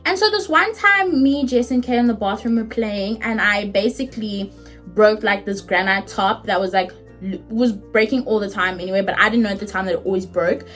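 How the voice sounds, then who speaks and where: A young woman in her twenties with a South African accent, telling a story in a chatty, animated, casual way and swearing freely. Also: medium pitch, brisk, faint music behind. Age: 20s. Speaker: vlogger.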